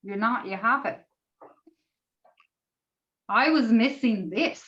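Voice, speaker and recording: A woman's voice: on the high side, takes it slowly, fairly bright tone, muffled recording. A woman in a group coaching call, sharing emotionally and rambling with lots of "like" and the odd swear word, near tears. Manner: gushing, rambling, heavy on "like", swears. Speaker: participant in a group coaching session.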